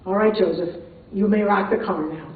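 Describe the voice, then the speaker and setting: Cautious, gentle woman friend, soft and plain-spoken, put on by a woman storyteller; tinny, echoey hall sound from far off. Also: mid-range voice, steady tone, brisk, heavy background noise, voice pushed down, lightly acted. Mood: wry.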